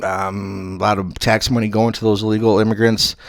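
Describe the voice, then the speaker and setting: A man hosting a comedy talk show, halting and full of ums and uhs. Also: lowish voice, flat delivery, vocal fry, no echo. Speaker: host.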